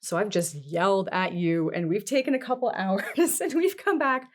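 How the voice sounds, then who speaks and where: A woman from Canada, a therapist guest on a podcast, explaining things calmly with strings of questions. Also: medium pitch, moderate pace, hardly any pauses. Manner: explains steps with strings of questions, calm and instructive. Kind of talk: podcast conversation.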